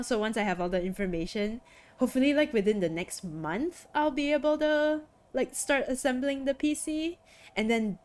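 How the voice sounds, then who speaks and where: A woman streaming games live, talking to her chat in a loose, friendly ramble. Her voice sits a little high, and she giggles and bubbles along, dropping "like" between thoughts. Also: smooth. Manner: bubbly, giggly, chatty with many likes. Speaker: game streamer.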